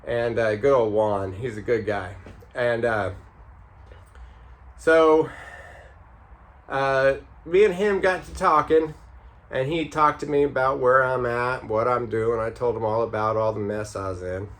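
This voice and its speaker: A man telling a story casually, rambling and halting with many fillers and restarts. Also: mid-range voice, steady tone, a bit bright. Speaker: vlogger.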